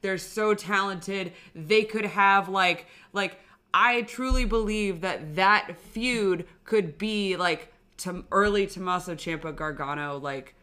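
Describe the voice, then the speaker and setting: A woman co-hosting a podcast, chatting casually and gushing like an excited fan. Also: medium pitch, slow. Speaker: podcast co-host. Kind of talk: casual chat.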